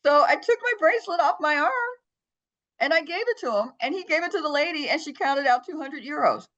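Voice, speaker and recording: A woman's voice: high-pitched, expressive, fairly quick, a bit bright. A middle-aged woman, a podcast guest, telling a story in an interview and acting out the voices of the people in it. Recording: dull lo-fi sound.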